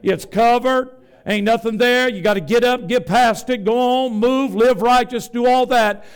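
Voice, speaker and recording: High, smooth-voiced man preaching. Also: steady tone, measured pace. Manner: rhythmic, folksy, calling out questions to the congregation. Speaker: Pentecostal bishop preaching. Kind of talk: sermon. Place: church before a congregation.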